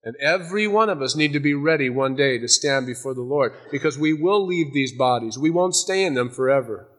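A man's voice: medium pitch, lively intonation, fairly quick, a bit bright. A male pastor preaching a sermon, telling a humorous story and then urging his listeners earnestly.

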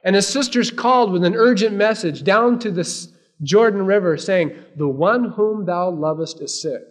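A male preacher delivering a sermon with a slightly raised pitch. He surges into loud, emphatic lines, then drops to near-whispered asides. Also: normal speed. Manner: dynamic preaching, swinging between loud emphasis and hushed asides. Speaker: pastor.

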